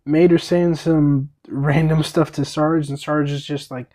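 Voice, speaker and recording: A man's voice: on the high side, flat delivery, a little slow, dark tone. A young man hosting a read-aloud of a picture book, enthusiastic, with stammering restarts and laughing asides. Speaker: storybook reader, channel host.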